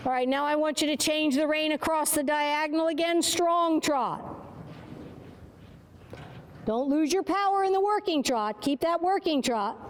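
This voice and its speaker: A woman's voice: high voice, a little slow, slight background noise. A woman riding instructor giving short, encouraging, repeated commands during a driving lesson.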